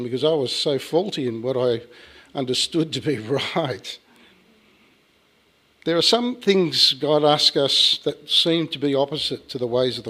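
Folksy preacher guy, a bit high, gravelly voice, chatty sermon. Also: fairly bright tone. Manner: folksy, calls the crowd folks, chuckles often. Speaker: pastor.

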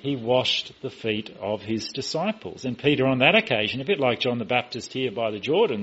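A man preaches a sermon in a husky, slightly breathy voice. He tells stories with emphasis and acts out quoted lines. The recording sounds dull and lo-fi. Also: medium pitch, animated, normal speed, hardly any pauses, fairly bright tone. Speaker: pastor.

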